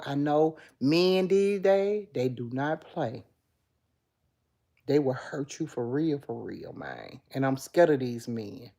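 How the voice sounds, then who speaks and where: A woman hosting a casual livestream, chatting with viewers, reading their comments aloud and calling them girl and baby. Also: low voice. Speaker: livestream host.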